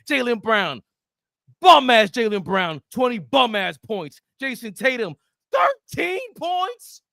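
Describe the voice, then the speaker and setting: A man co-hosting a sports podcast, giving a hyped recap of a game and shouting trash talk about the opposing players. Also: sits high, no room sound, clean studio sound. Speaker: podcast co-host.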